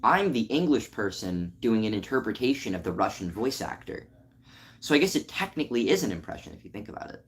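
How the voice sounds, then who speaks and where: A man's voice: lowish voice, big pitch swings, fairly quick, breathy edge. Chatty stammering male streamer. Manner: chatty, joking, stammering, reading chat aloud. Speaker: streamer and voice actor. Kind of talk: casual live-stream chat.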